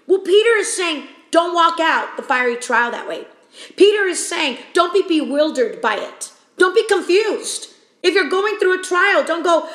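A woman with a very high, expressive voice preaches a sermon on a podcast at a normal speed. Her tone is fairly bright and the room sounds roomy. She drives each teaching point home with repetition and acts out panicked questions.

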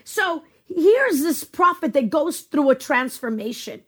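A woman's voice: high-pitched, very animated, a little slow. A woman preaching to viewers, earnest, full of rhetorical questions, rising and speeding up when she voices a questioning prophet. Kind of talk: sermon to a video audience.

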